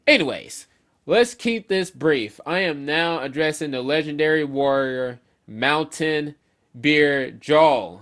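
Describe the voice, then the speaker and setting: A man walks through a manga chapter in a loose, rambling way, with fillers and casual swearing. His voice sits fairly high, and he takes his time. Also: takes it slowly, a bit bright. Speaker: manga reviewer.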